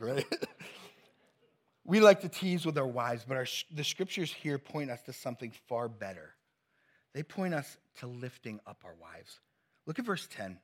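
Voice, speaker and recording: A man's voice: mid-range voice, lively intonation, normal speed. A middle-aged male pastor preaching a sermon in a conversational, teasing way, laughing at his own jokes.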